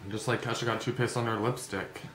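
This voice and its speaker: A man's voice: mid-range voice, level tone, a little fast, fairly bright tone. Goofy rambling male vlogger, echoey room. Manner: rambling, joking, mock-serious. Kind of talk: goofy comedic monologue. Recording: echoey room with background noise.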